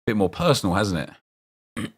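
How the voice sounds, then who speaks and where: A man's voice: lowish voice, expressive, measured pace, gravelly, slightly rough. A young man chatting casually as he streams a football game, rambling and answering his viewers' chat as he reacts to picks.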